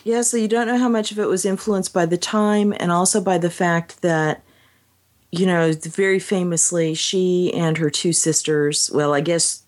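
Low-voiced woman chatting about books. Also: normal speed. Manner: thoughtful, chatty, lively rises in pitch. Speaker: book discussion co-host. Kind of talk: casual book chat.

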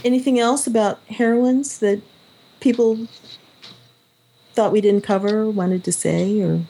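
A woman's voice: mid-range voice, fairly even intonation, measured pace, dark tone. A woman hosting a podcast, talking casually and laughing easily. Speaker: podcast host. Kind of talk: casual chat.

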